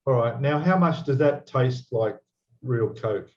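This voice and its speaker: A man's voice: mid-range voice, animated, measured pace, darkish tone. A man with an Australian accent, co-hosting a casual chat in an easygoing way and steering the talk back on track. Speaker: co-host. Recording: dull lo-fi audio.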